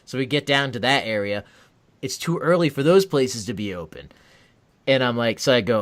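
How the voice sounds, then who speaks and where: A man co-hosting a podcast, telling an animated, profane story in casual chat. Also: mid-range voice, moderate pace. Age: adult with a daughter. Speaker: podcast co-host.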